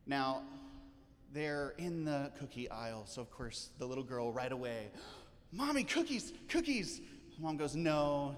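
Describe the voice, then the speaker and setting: A man's voice: mid-range voice, a bit bright. A male pastor giving a casual, joking sermon from a church stage, full of fillers and asides. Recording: church hall reverb, faint noise.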